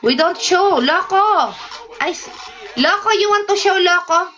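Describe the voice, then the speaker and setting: A bright, high-voiced woman with a Filipino accent talks unhurriedly to her livestream viewers. She speaks simple broken English and laughs often. The audio is dull and lo-fi, with faint music underneath. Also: animated, measured pace. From Philippines. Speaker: livestream host. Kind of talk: casual livestream chat reading comments.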